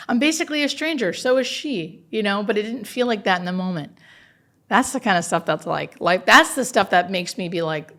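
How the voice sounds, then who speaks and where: A woman's voice: mid-range voice, fairly quick. Earnest woman telling hospice stories. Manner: animated, earnest, lots of "like" fillers. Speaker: hospice nurse, guest. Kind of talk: conversational storytelling interview.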